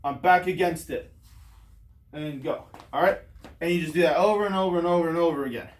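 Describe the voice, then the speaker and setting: A man's voice: fairly high pitch, a little fast, distant mic. A man coaching hammer throw technique, out of breath, demonstrating moves as he explains them in a loose, rambling way with many fillers. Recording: roomy echo, speaking from away from the mic.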